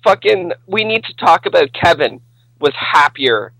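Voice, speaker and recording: A man's voice: on the high side, sing-song, measured pace, creaky, bright, forceful tone, low-quality recording. A man co-hosting a podcast, ranting angrily and swearing through casual chat. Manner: angry, profane, ranting. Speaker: podcast co-host.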